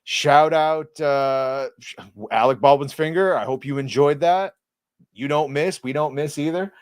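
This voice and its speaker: A man's voice: on the high side, measured pace, no echo. Man ranting casually on a dry mic. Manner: profane, rambling, sarcastic. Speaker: podcast co-host. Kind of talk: casual chat.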